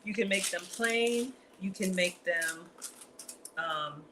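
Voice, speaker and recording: A woman's voice: fairly low pitch, takes it slowly, a bit bright, a little hiss or hum. A woman casually demonstrating a recipe in her home kitchen, chatting to viewers and calling them y'all. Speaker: cooking vlogger.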